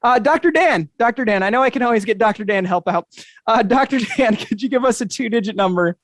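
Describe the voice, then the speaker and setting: A man's voice: high-pitched, fast talker, dry recording. A man hosting an interactive magic show over a video call, talking to the audience with upbeat, enthusiastic patter. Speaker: magician and host.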